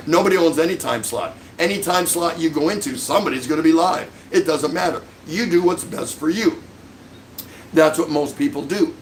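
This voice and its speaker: A man's voice: on the high side, expressive, normal speed, slight background noise, poor audio. A middle-aged man hosting a livestream, delivering an angry, sarcastic rant full of insults. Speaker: livestream host.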